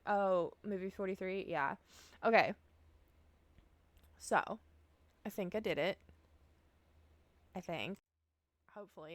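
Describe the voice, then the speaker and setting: A woman's voice: medium pitch, a bit bright, a little hiss or hum. A woman live streaming from home, chatting casually and swearing freely as she talks straight to her viewers while setting up a game.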